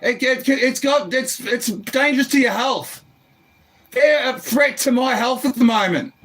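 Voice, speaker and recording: A man with a strikingly high voice argues through a closed door, agitated and pleading, swearing and breaking into shouts. It sounds like an indoor phone recording. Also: measured pace. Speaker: resident confronting police at his door. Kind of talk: heated argument.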